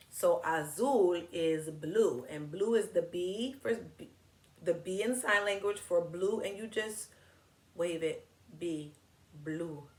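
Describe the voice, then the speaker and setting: A woman's voice: fairly low pitch, echoey room. A woman reading a picture book aloud to children, patiently teaching words and hand signs as she goes. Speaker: children's story reader and teacher.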